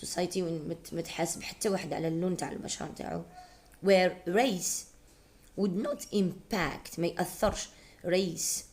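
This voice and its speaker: Low gravelly Algerian teacher woman. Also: steady tone, rapid-fire, darkish tone. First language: Algerian Arabic. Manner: patient, repeats key words, spells them out. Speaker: English teacher. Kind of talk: explaining test answers.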